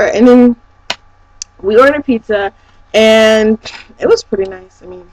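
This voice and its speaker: A young woman vlogs about her weekend in a gushing, breathless way, dropping swear words as she goes. Her voice sits a touch high for a woman, and she piles one excited remark onto the next. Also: unhurried, pauses often, low-quality recording. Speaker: vlogger. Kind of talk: excited personal storytelling.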